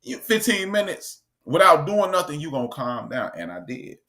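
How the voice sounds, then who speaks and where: A man, co-hosting a casual talk show and telling an animated story. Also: on the high side, moderate pace. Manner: storytelling, animated, acts out quotes. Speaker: podcast co-host. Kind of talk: casual chat.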